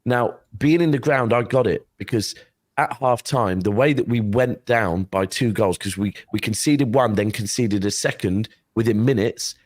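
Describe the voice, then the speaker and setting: A man's voice: fairly low pitch, moderate pace, no echo. A man on a football panel show, making his point earnestly with many restarts. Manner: earnest, argues with lots of restarts. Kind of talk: casual panel chat.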